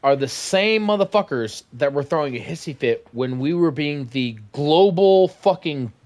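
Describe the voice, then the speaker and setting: A man's voice: fairly high pitch, lively intonation, moderate pace, darkish tone. A young man and military veteran in casual political chat, blunt and emphatic, swearing freely. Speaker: podcast co-host, military veteran.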